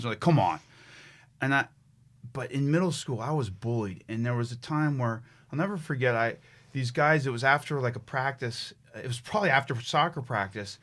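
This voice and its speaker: A middle-aged man from the United States tells his story as a guest on a podcast, in a mid-range voice. He is animated and emphatic, and he often restarts his sentences. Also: medium pitch. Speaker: podcast guest, fitness trainer. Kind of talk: conversational storytelling.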